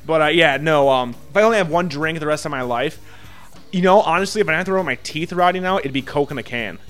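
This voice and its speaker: A man's voice: fairly high pitch, fast, faint music behind. A man hosting a podcast, joking around crudely in casual banter. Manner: crude, joking, loud bursts of laughter. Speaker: podcast host.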